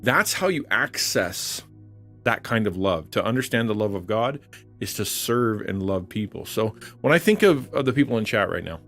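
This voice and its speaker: A man's voice: lowish voice, lively intonation, normal speed, fairly bright tone, faint music behind. A man preaching earnestly on a livestream, repeating phrases for emphasis. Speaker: online pastor. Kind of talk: livestream sermon.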